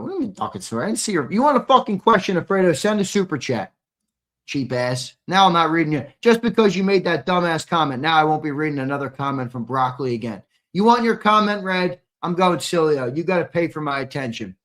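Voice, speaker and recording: A young man with a bright, forceful voice pitched a bit high, roasting viewers from the chat in brash, profane banter. His voice sounds a little strained and worn. He talks like a live-stream co-host riffing off the cuff. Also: expressive, quick pace. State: slightly strained voice.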